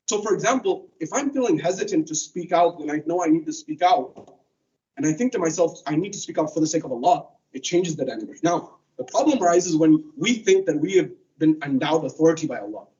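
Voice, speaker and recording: A man's voice: fairly high pitch, darkish tone, recorded from a distance, dull audio. A man giving a conversational Muharram sermon, telling stories and acting out quotes. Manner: conversational, storytelling with acted quotes. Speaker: speaker at a religious center.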